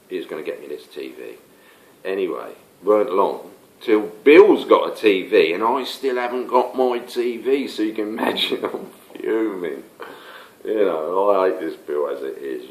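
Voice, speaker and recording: An older man tells a rambling personal story. His voice sits low and keeps stopping and restarting. The room gives it a roomy, echoey sound. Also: expressive, moderate pace. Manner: rambling, stop-start, many fillers. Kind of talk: casual spoken anecdote. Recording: roomy echo.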